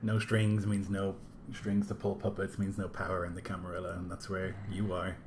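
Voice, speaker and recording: A man's voice: low-pitched, completely flat delivery, normal speed, noisy background. A man playing a tabletop role-playing game, talking casually and rambling as he describes his character. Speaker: player. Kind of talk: tabletop role-play narration.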